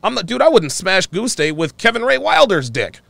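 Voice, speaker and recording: Mocking animated male podcast host. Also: sits high, moderate pace, creaky, no room sound. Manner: mocking, mimics others in exaggerated voices. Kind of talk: opinionated commentary on a live call-in stream.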